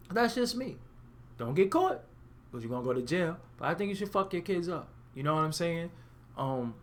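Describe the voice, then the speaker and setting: A man from Brooklyn with a New York accent, hosting a comedic, profane rant show, blunt and animated. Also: fairly high pitch. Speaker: host.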